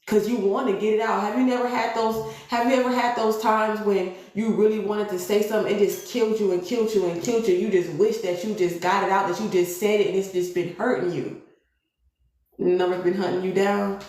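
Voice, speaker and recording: Woman tarot reader on a live stream, preachy and emphatic, mid-pitched, very echoey room. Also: steady tone, brisk, a little mellow. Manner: preachy, emphatic, repeats "okay?" to the audience.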